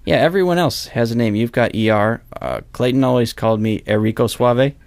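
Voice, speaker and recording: A man's voice: medium pitch, a little fast, vocal fry, a little mellow, no room sound. A young man hosting a casual podcast chat, rambling and correcting himself as he goes. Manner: rambling, self-correcting, chuckles often. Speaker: podcast host.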